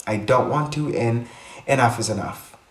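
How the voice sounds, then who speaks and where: A man vlogging to the camera in casual chat, rambling and repeating himself with animated bursts. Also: medium pitch, moderate pace. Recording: echoey room, a bit far from mic.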